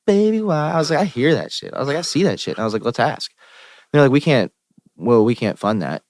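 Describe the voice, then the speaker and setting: A young man with a Pittsburgh accent, a musician guest telling stories on a podcast in an animated, profane way and acting out the people he quotes. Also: medium pitch, a little fast, no echo, clean studio sound. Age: young adult. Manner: animated, profane, quotes himself and others in lively asides. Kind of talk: casual podcast storytelling. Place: podcast studio.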